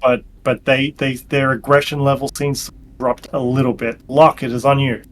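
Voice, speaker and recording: Halting man running a tabletop game. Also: mid-range voice, flat delivery. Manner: halting, with many ums and restarts. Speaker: game master.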